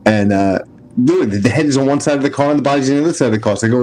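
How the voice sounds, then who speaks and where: A man's voice: medium pitch, very fast, darkish tone. A man, a former emergency responder, telling profane, laughing war stories in casual chat.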